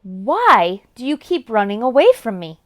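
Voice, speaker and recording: Woman playing a big lonely troll-ogre, storybook, gentle, shy, lilting. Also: a little high, very animated, unhurried. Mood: friendly.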